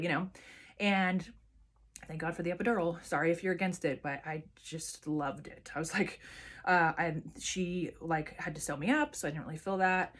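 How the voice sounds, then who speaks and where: A woman vlogger chatting casually to camera and telling a personal story with lots of fillers and restarts. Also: lowish voice.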